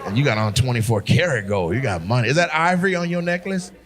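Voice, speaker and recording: A man's voice: mid-range voice, expressive, fast talker. A man doing teasing, profane crowd work as a stand-up comedian on a club stage. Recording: live show with crowd noise. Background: audience laughter.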